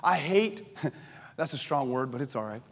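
Animated preacher man in a reverberant hall. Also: mid-range voice, unhurried, vocal fry. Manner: animated storytelling preacher, laughs often, drops to soft prayer voice. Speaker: pastor. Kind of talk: sermon. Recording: long hall reverb with faint music.

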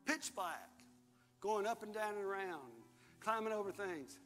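A man's voice: sits high, animated, unhurried, a bit bright. An older man preaching a sermon in a large church hall, reading scripture aloud and leading the congregation in call-and-response. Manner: preaching, reads scripture aloud and has the crowd repeat after him. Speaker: pastor. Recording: long hall reverb, faint music.

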